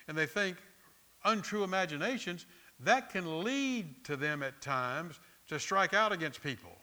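A middle-aged pastor, preaching in a conversational, storytelling way and often repeating words. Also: male voice, on the high side, sharp tone. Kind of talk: sermon.

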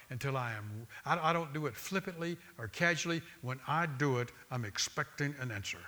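A man's voice: medium pitch, sharp tone. A man preaching a sermon, with an emphatic, repetitive cadence that builds through lists of phrases.

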